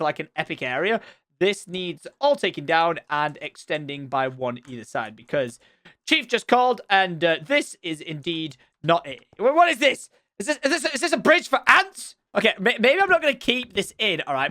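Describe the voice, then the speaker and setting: A young man commenting on his Minecraft building session in chatty, excitable talk with frequent exclamations. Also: sits high, no room sound. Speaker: gaming YouTuber. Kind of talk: Minecraft let's play commentary.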